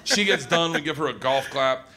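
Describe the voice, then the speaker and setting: A man telling a profane story on stage as a stand-up comedian, loud and laughing. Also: on the high side, normal speed. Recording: noisy stand-up clip played back.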